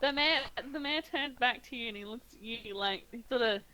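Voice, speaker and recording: A woman's voice: fairly high pitch, fairly quick, bright, forceful tone, low-quality recording. A woman running a tabletop game as game master, improvising with many fillers.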